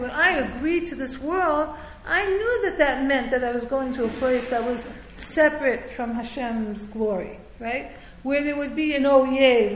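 A high-voiced woman gives a religious class in a relaxed, conversational way and keeps checking in with her listeners. The recording is echoey and a little dull, with a faint hiss underneath. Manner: conversational, checks in with frequent "right?". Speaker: Torah teacher.

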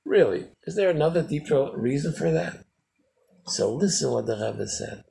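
An older man giving an informal Chassidic teaching to a small group, telling stories animatedly and swinging from loud exclamations to quiet asides. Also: gravelly, breathy edge, rough recording. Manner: animated storyteller, quick shifts from loud exclamations to low asides.

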